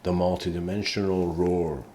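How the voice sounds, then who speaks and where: A man giving a meandering, livestreamed philosophical lecture, often clearing his throat as he tells a story. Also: low-pitched, flat delivery, normal speed, warm tone, slight background noise.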